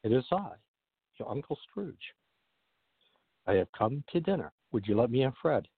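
A man growling as Scrooge, a gruff old miser. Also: medium pitch, sing-song, normal speed, dry recording. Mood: gruff, booming. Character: gruff old miser turned jovial employer. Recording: narrow phone-line sound.

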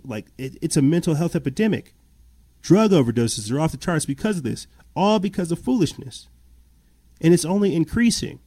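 A man's voice: on the high side, dark tone, slightly rough. A man giving agitated, repetitive commentary and reading news aloud, his voice rising when indignant. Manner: agitated, repeats himself, voice rises when indignant. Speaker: podcast host.

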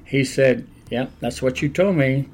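An older man, a pastor, telling stories in a relaxed, conversational interview and laughing often along the way. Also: medium pitch, a little slow. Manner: animated anecdotal storyteller, laughs often.

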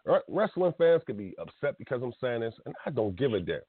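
This is a man in his thirties hosting a casual call-in wrestling podcast, his mid-range voice very animated, fairly quick, and edged with breathiness. He rants bluntly and emotionally, laughing and restarting, over a dry phone-line recording.

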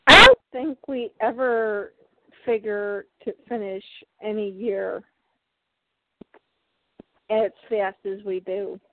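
A woman's voice: mid-range voice, takes it slowly, long pauses, slight background noise. A woman co-hosting a casual chat, talking in an easygoing way and repeating words while she searches for them. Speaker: co-host of a toy collecting show. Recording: dry, phone-like narrow audio.

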